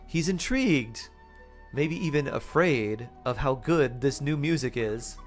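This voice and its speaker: A man's voice: mid-range voice, expressive, unhurried, faint music behind. A man streaming live, improvising playful fortune-telling stories and laughing often.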